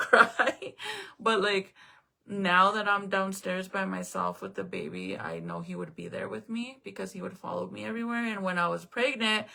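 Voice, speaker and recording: A young woman talks loosely to her viewers from home, answering comments as she goes. Her voice has a gravelly fry under a bright, forward tone, and she swears offhandedly. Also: medium pitch. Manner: chatty and rambling, swears casually, reads out viewer comments. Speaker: live streamer. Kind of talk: casual live-stream chat. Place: at home, indoors.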